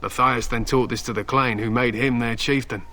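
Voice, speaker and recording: A man's voice: medium pitch, steady tone, moderate pace, noisy background, natural voice. An actor voicing a stern, proud male warrior and hound handler in video game dialogue, telling old tales solemnly and threatening bluntly.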